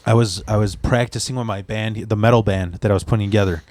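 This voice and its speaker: A podcast host from the Chicago area who tells a long story in a casual, profane, rambling way. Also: male voice, lowish voice, fairly even intonation, quick pace, darkish tone. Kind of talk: casual chat.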